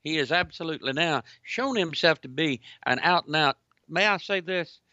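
A man hosts a Christian call-in radio show and delivers indignant, preaching commentary. His voice is bright and forceful with a slightly raised pitch. The sound is dry and dull, like lo-fi broadcast audio. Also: normal speed, no echo. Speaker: radio talk host.

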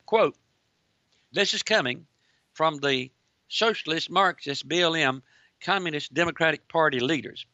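A man with a gravelly, bright voice delivers preaching political talk full of rhetorical lists. He speaks emphatically, a little higher than most men. The sound is dry and slightly dull. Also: unhurried, pauses often, no room sound. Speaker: host.

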